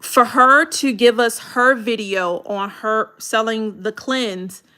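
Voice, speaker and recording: Woman host critiquing videos live: bright, fairly high voice, blunt and colloquial. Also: takes it slowly, clean tone. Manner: direct, colloquial, animated. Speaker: content creation coach.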